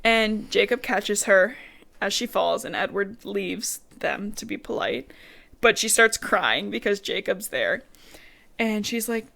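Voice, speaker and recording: A woman's voice: medium pitch, expressive, a little slow, vocal fry, fairly bright tone. Chatty sweary woman podcast host. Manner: chatty, sweary, full of "like" and quoted asides. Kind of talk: casual book recap chat.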